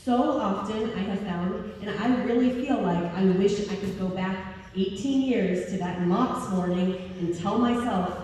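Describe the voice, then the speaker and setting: A woman's voice: mid-range voice, a little slow, warm tone. A woman giving a humorous, self-deprecating talk to homeschool parents, often laughing as she speaks. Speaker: convention speaker. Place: large convention hall. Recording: echoey hall from far off.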